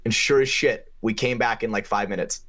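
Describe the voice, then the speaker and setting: A young man co-hosting a podcast, telling a game story in a casual, profane way, with his voice jumping up in pitch for emphasis. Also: steady tone, fairly quick, a bit bright. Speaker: podcast co-host and paintball player.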